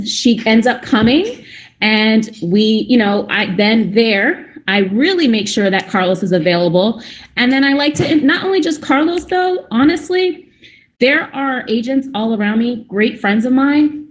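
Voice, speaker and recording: A young adult woman speaking at a real estate breakout session, chatty and full of restarts, acting out little conversations as she goes. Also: mid-range voice. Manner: chatty, fillers and restarts, acts out dialogue. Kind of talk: animated conference talk.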